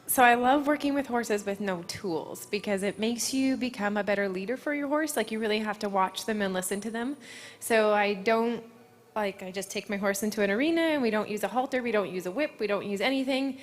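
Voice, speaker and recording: A woman's voice: mid-range voice, a little fast. A woman in her thirties, an award-winning horse trainer, answers questions on stage at a ceremony and talks emotionally, close to tears. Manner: emotional, holding back tears. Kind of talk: live on-stage interview.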